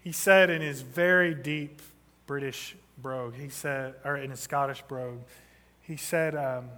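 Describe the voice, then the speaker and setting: A man's voice: medium pitch, steady tone, a little slow, sharp tone. A man in his thirties preaching a sermon, telling a story and building to impassioned emphasis. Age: 30s. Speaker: pastor. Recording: long reverb of a large hall.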